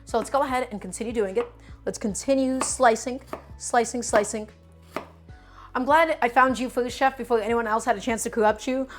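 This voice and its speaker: Chatty high-voiced woman teaching cooking. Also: brisk, faint music behind. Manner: chatty and coaching, addresses the audience as "guys" and repeats "go ahead". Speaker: cooking streamer. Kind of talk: live cooking stream, chatting with viewers while prepping.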